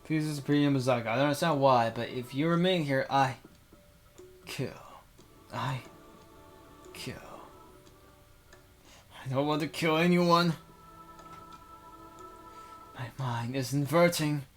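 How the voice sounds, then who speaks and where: A man's voice: medium pitch, moderate pace, long pauses, soft background music. A young man reading a visual novel aloud into a desk microphone, breaking off for rambling casual asides.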